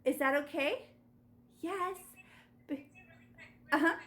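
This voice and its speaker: Woman art teacher on a video call, high voice, roomy echo, chatty and excited for little kids. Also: slow. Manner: animated, gasping with delight, coaxing young kids. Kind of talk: step-by-step painting lesson for children.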